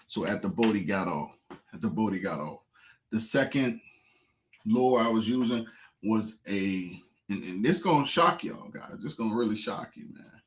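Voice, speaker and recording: A man, casually telling viewers a fishing story, repeating phrases and getting excited. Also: on the low side. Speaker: fishing vlogger.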